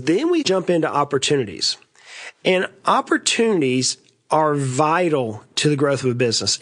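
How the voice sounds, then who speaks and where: A man's voice: a little high, fairly bright tone. A middle-aged man from East Tennessee, hosting a conversational business lesson with folksy, joking asides. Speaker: podcast host and financial advisor.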